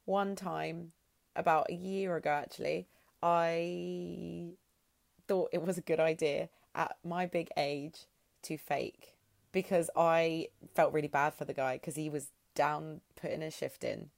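A woman's voice: low-pitched, fairly even intonation, measured pace, vocal fry. A woman, co-hosting a podcast and telling frank stories with lots of laughter. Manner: frank, giggly storytelling. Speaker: podcast co-host. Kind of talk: casual chat.

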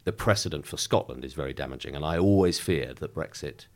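This middle-aged MP speaks with a very deep, somewhat dark voice. His interview answers are deliberate and forceful, though he frequently starts over.

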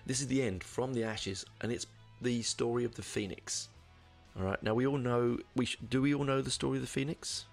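A man's voice: mid-range voice, steady tone, fairly quick, gravelly, faint music behind. A man giving a casual album review, rambling and hesitant, with lots of ums and restarts. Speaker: music reviewer.

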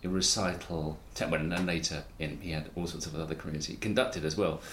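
A man's voice: a bass voice, fairly even intonation, fairly quick, fairly bright tone. A man, interviewing a guest in an enthusiastic, chatty way that wanders into anecdotes. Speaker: interviewer, podcast host. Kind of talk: conversational interview. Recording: roomy echo with faint noise.

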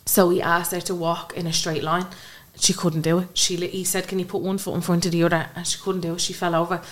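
A young Irish woman in her late twenties, a podcast guest rapidly and breathlessly retelling a painful personal story, quoting what people said to her. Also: lowish voice, level tone.

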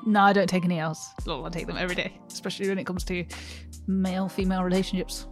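A woman's voice: lowish voice, little pitch movement, fast, faint music behind. A young woman co-hosting a podcast, casual and teasing with a wry humour. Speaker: podcast co-host. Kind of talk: casual chat.

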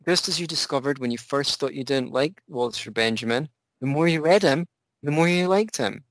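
A man's voice: medium pitch, no echo. A man hosting a podcast, reading a text aloud and chatting in a playful, jokey way. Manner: playful, jokey, quick to go off on tangents. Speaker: podcast host. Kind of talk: casual chat about philosophy readings.

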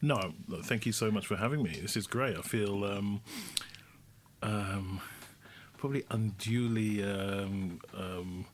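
Low-voiced man telling rambling stories. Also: slow, slight background noise. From London. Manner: rambling, hesitant storytelling. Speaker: guest, film director. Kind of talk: casual interview chat.

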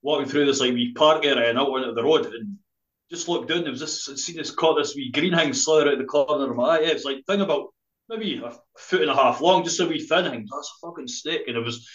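A man's voice: medium pitch, fast, a bit bright. Sweary Scottish man telling a story. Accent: Scottish, Dundee. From Scotland. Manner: rambling, laughing, heavy swearing, tag "eh?". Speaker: spoken word poet guest. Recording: roomy, slightly dull podcast audio.

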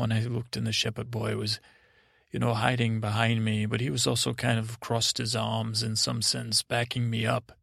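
Male host, rambling sleep-story narrator, gravelly voice, dry close mic, meandering delivery. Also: mid-range voice, level tone, fairly bright tone, no echo. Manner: meandering, halting, full of restarts and asides.

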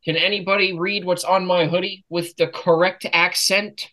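A man's voice: high-pitched, steady tone, moderate pace, pushed and bright, poor audio. An American man hosting a podcast in casual chat, telling stories with lots of swearing and laughter. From United States. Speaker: podcast host.

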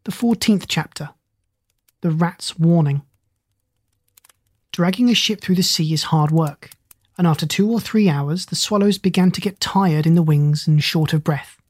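Husky storybook narrator, steady reading, dry close sound, middle pitch. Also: a little slow, no echo. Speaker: audiobook narrator.

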